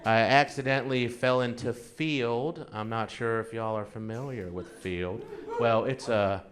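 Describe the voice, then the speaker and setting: A man doing a stand-up set on a club stage, with a dry, halting delivery full of fillers. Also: medium pitch, a bit bright. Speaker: stand-up comedian. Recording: live club recording with crowd noise. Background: audience laughter.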